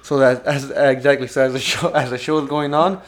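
A man's voice: mid-range voice, steady tone, fairly quick. A man in casual conversation, rambling with many restarts and asking "you get me?" as he goes. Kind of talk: casual chat.

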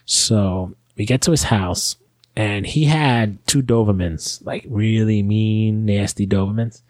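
A man's voice: fairly low pitch, slow, a little mellow, dry recording. A man calling in and telling a rambling story in casual talk, full of fillers, restarts and swearing. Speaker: caller.

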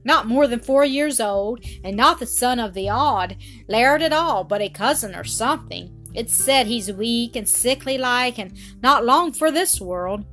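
Woman voicing a high, eager boy, storybook. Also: animated, unhurried, fairly bright tone, faint music behind. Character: eager curious Scottish boy twin.

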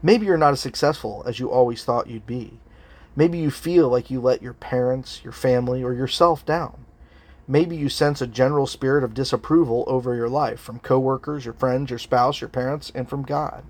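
A man's voice: medium pitch, normal speed. A man preaching a sermon as a pastor, earnest and emphatic, weaving in personal stories.

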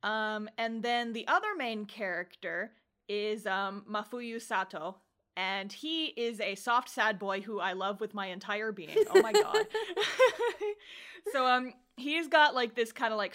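A woman's voice: medium pitch, a little slow, bright, forceful tone, clear, resonant tone. A woman co-hosting a podcast in casual chat, rambling with lots of fillers, cheerful swearing and laughter. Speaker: podcast co-host.

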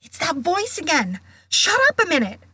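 A woman's voice: very high voice, very animated, moderate pace, no echo, pitched above the performer's own voice, heavily acted. A woman voicing a frightened, urgent young boy in a storybook reading. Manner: urgent, shouting.

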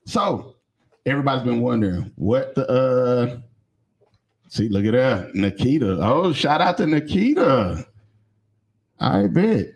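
A man's voice: mid-range voice, big pitch swings, unhurried, pauses often. A man hosting a podcast in casual chat, loose and joking. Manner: loose, joking, shouts out to viewers. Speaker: podcast host.

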